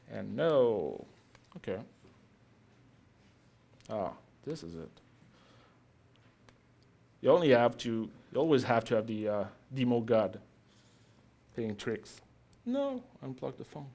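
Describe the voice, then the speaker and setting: A man presenting a live software demo to an audience, chatty and joking with the crowd between steps. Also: mid-range voice. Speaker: tech conference speaker. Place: talk in front of an audience.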